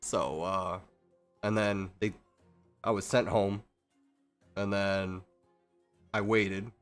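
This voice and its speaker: A man's voice: lowish voice, fairly even intonation, takes it slowly, soft background music. A man streaming a game, talking casually in a rambling, profane way with many restarts. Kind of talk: casual rambling chat while gaming.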